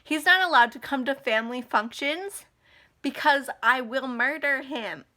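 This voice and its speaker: A woman's voice: sits high, a little slow, bright, forceful tone. A woman in her twenties talking to camera in a personal vlog, upset and angry, ranting and close to tears. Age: 20s. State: emotional, close to crying. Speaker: vlogger.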